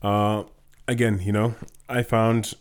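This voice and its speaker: A man in casual conversation about films, playful and quick to joke. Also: on the low side, flat delivery, smooth. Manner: joking, playful banter. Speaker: podcast co-host. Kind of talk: casual film review chat.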